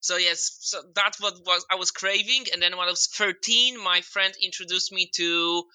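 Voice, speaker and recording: Bright-voiced Polish man, dry close mic. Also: high voice, steady tone, normal speed, clear, resonant tone, no echo, rough recording. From Poland. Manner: modest, chatty, non-native grammar. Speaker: podcast guest. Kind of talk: casual interview chat.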